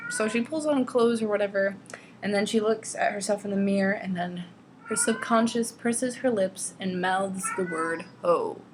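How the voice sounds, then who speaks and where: Sarcastic young woman ranting about a book. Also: background noise. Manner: sarcastic, exasperated, swears freely; jumps to squeaky high pitch when mocking quotes. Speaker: vlogger reading a novel. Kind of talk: casual ranting book commentary.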